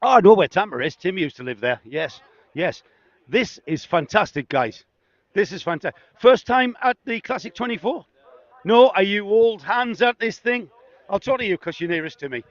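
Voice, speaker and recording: The voice is high and expressive, at a moderate pace with no echo, belonging to a middle-aged man from northeast England with a northeast English accent. Handheld mic in hand, he roves the racetrack doing chatty on-the-spot interviews full of teasing banter, recorded in dull lo-fi outdoor sound.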